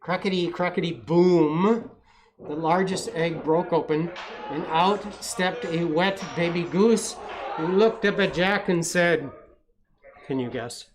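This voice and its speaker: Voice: mid-range voice, unhurried, noisy background. A storytime reader, reading a picture book aloud to children with playful asides. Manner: playful, with asides to young listeners.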